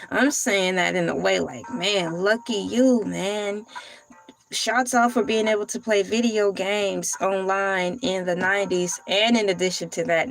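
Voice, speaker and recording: A woman hosting a casual livestream, chatting with viewers and reading comments. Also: mid-range voice. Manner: chatty, drawn-out, talks to viewers. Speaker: livestream host.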